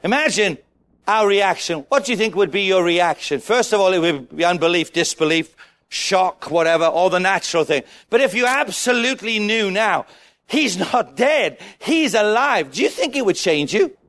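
A male preacher delivering a sermon in a high-pitched voice that leaps up and down. He urges the congregation to shout their answers. He keeps it playful, acting out small scenes as he goes. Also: lively intonation, moderate pace. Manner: exhorting, calls on the congregation to shout; playful, jokes and acts out little scenes.

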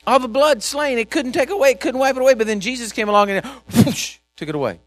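A man preaching a sermon, animated and repetitive, swinging from shouts to quiet asides. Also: very high-pitched, fast talker, no echo. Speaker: pastor.

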